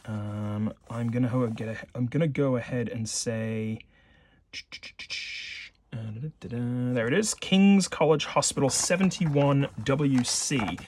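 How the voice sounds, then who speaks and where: A man casually narrating a solo detective board game, reading the case aloud and thinking out loud with rambling, self-correcting asides and little jokes. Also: medium pitch, measured pace, hardly any pauses, a little hiss or hum.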